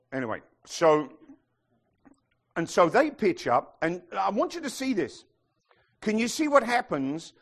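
A man preaching a sermon to his congregation, animated and sometimes shouting as he acts out the people in his stories. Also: high voice. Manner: animated, acts out quoted voices, some shouting.

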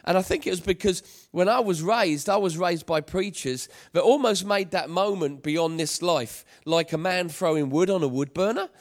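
A man delivering a sermon with a somewhat high voice. He preaches emphatically, repeating his lines and swelling into passionate appeals as he tells a personal story. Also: normal speed, few pauses. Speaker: pastor.

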